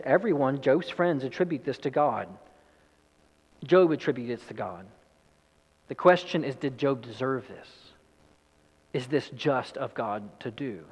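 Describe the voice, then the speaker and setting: A man delivers a sermon, reading scripture passages and then retelling them in his own pointed, dramatic voice. His voice sits a little high for a man. The sound carries a long reverb, as if recorded in a large hall. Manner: reads scripture aloud and paraphrases it in dramatic voices. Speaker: preacher.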